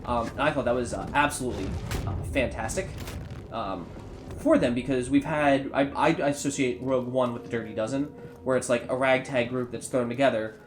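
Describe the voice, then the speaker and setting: A man's voice: medium pitch, steady tone, brisk, over music. A man co-hosting a gameplay video while sick, rambling through casual commentary with lots of ums. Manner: rambling, many ums and restarts. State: sick and sweating. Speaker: co-host of a gameplay channel. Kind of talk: casual let's-play chat.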